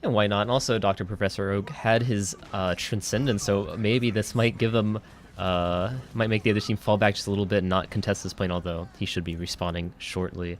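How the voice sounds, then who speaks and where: A man's voice: on the low side, steady tone, a little fast, slight background noise. A man doing color commentary on a live esports match, laid-back and analytical with the odd joke. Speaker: esports co-caster.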